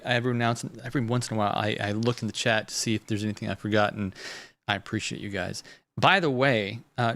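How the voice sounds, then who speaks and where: A man hosting a live stream, talking fast and rambling with many restarts as he comments on a clip. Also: mid-range voice, fairly bright tone, no room sound. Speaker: host.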